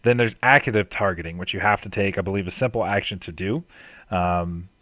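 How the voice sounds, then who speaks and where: A man's voice: lowish voice, fairly bright tone, dry recording. A man running a tabletop game as game master, explaining rules at length and laughing often.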